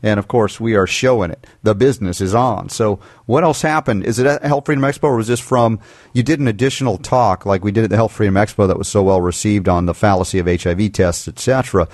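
Playful low-voiced male host. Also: fast talker, a little mellow, no echo, clean studio sound. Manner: playful, affirming. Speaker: talk show host. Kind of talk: casual chat.

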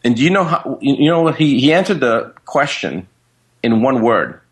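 A man, a guest on an interview show, telling a story in a casual, animated way. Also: medium pitch, moderate pace, breathy edge. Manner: animated, acts out quoted speech.

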